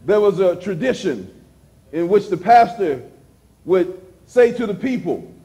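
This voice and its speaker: Man, pastor, sermon, high voice, emphatic repetition, sudden hushed drops. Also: sing-song, a little slow.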